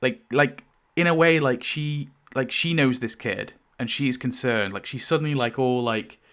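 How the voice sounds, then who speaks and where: A man's voice: mid-range voice, normal speed, fairly bright tone. A man running a tabletop game as game master, rambling with many fillers and laughs.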